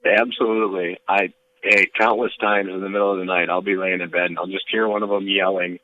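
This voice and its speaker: A man co-hosting a podcast by phone, chatting easily in short, relaxed turns. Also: deep voice, fairly quick. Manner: brief, easygoing reactions and anecdotes. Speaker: podcast co-host. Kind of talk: casual chat. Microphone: calling in by phone. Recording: tinny phone line.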